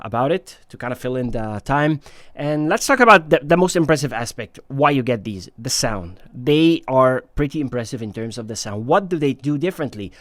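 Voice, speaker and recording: A man's voice: mid-range voice, clean tone, no room sound. Guy doing a casual gear review, keeps saying um and uh, really into it, dead dry mic. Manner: enthusiastic, hesitant with frequent fillers. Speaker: headphone reviewer, channel host. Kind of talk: casual product review talk.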